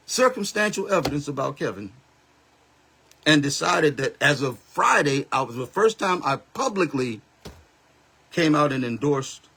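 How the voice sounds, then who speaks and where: A man's voice: fairly high pitch, a bit bright, husky. A man in his seventies, a pastor hosting a Facebook live, talking bluntly and confrontationally in a heated, street-style rant. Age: 70s. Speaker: pastor and livestream host. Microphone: phone or webcam livestream.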